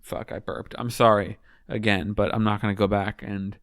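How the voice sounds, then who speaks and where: A man giving casual, rambling commentary on manga chapters, swearing freely and sounding high. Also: level tone, moderate pace, no room sound, studio quality. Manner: profane, rambling, offhand.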